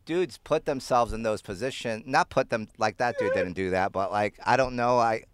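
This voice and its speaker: A man chatting as a podcast guest, relaxed and reacting with easy laughter. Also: medium pitch, normal speed. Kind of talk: casual chat.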